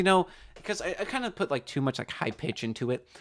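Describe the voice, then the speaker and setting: A man's voice: a little high, sing-song, quick pace, a bit bright, a little hiss or hum. Young man, casual and hesitant, heavy on fillers; vlog chat. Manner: rambling, hesitant, lots of fillers. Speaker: amateur impressionist.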